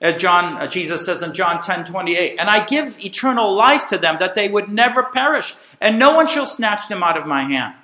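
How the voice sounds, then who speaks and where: A middle-aged man preaching a sermon as pastor, emphatic and animated, calling the congregation to repeat after him. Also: sits high, moderate pace, hardly any pauses. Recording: echoey room.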